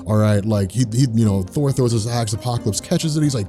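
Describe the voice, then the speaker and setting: A man's voice: medium pitch, a little fast, few pauses, warm tone, soft background music. A man casually retelling a comic story as host, rambling with lots of fillers and slang.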